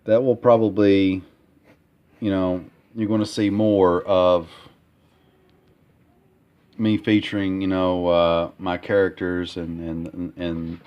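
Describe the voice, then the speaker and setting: Man, low-ish voice, halting casual vlogger, muffled lo-fi audio. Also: smooth. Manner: halting, full of fillers and repeated words. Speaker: comic artist vlogger. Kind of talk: casual progress-update vlog.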